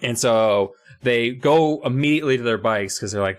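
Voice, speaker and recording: A man's voice: mid-range voice, normal speed, hardly any pauses. A man co-hosting a podcast in casual chat, recapping a book in a sarcastic, profane, rambling way. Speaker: podcast co-host.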